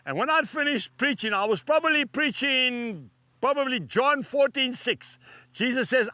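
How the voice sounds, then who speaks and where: A man's voice: very high-pitched, animated, normal speed, bright, forceful tone, dry recording. A man preaching a devotional sermon to camera outdoors beside cattle stalls, emphatic and repetitive, weaving in a personal story.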